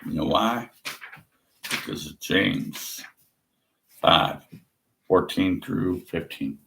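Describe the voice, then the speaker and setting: A man's voice: low-pitched, drawn-out words, creaky, pauses often, fairly bright tone, a little hiss or hum. A man ranting scornfully in a monologue, mocking and repeating himself. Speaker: atheist vlogger.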